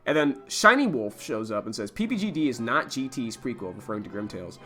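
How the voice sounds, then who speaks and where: A man's voice: medium pitch, a little fast, soft background music. A man hosting a casual stream, reading silly forum comments aloud with mocking laughs. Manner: laughs a lot, mocking and animated. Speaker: stream host.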